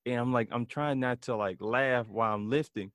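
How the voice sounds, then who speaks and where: A man hosting a casual conversation, relaxed and chatty, asking his guest questions. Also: medium pitch, moderate pace, no room sound, clean studio sound.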